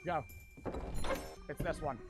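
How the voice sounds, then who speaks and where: A man giving frantic gameplay commentary, swearing, talking to himself and breaking into sudden loud outbursts. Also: a little high, takes it slowly, loud music behind the voice. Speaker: gaming streamer.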